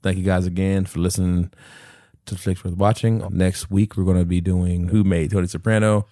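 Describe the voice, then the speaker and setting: A man's voice: low voice, flat delivery, moderate pace, dark tone, dry recording, clean studio sound. A man co-hosting a movie podcast, talking loosely and profanely with lots of laughter, a bit tipsy on whiskey. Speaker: podcast co-host. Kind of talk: casual podcast banter.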